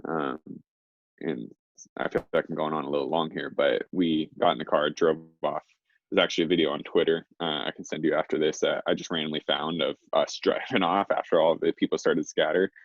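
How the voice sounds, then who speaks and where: Low, gravelly young man rambling casually. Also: no echo. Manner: rambling, heavy on fillers. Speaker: interview guest. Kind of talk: casual storytelling. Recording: dry, slightly dull lo-fi recording.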